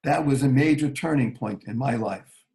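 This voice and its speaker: A man telling a personal story slowly and earnestly as an interview guest. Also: mid-range voice, dark tone, rough recording.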